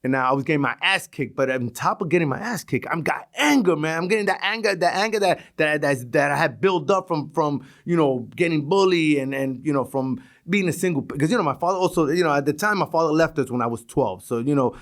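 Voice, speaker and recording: A middle-aged man from Brooklyn with a New York accent, telling stories as a podcast guest, animated and full of restarts. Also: fairly high pitch, brisk, hardly any pauses. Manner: animated, restarts a lot, acts out quotes. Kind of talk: casual storytelling interview.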